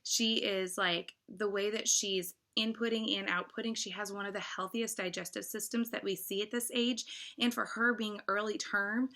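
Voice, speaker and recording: A woman's voice: mid-range voice, fairly even intonation, moderate pace, sharp tone. A woman in her thirties talking to her viewers in a casual vlog, effusive and emotional, with lots of fillers and restarts. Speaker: vlogger.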